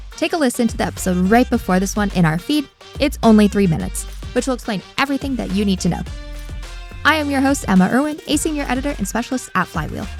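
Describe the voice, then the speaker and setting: A woman hosting a podcast, telling a story in a playful, self-deprecating way. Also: on the high side. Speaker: podcast host.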